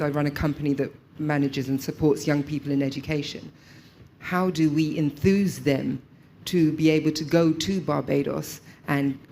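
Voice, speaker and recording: A woman's voice: low-pitched, darkish tone, slight background noise. A woman from London, a broadcaster, making an articulate contribution at a public meeting. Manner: articulate, laughs easily. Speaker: audience member, broadcaster.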